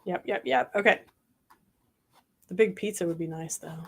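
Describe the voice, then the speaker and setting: A woman's voice: lowish voice, steady tone, moderate pace. A woman co-hosting a casual livestream, reading trivia questions and joking. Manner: playful, laughs often. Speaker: livestream co-host, trivia reader.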